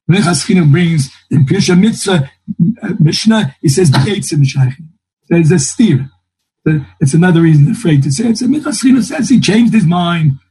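Guy teaching talmud class, kinda husky, thinks out loud, lots of restarts. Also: a little high, low-quality recording. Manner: thinking aloud, restarts and quotes texts in a singsong. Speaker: Torah teacher.

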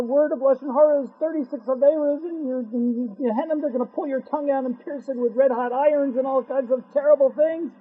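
A man's voice: very high voice, husky. A man teaching a Torah class, telling a story with humorous asides and Yiddish and Hebrew words. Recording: dull lo-fi recording.

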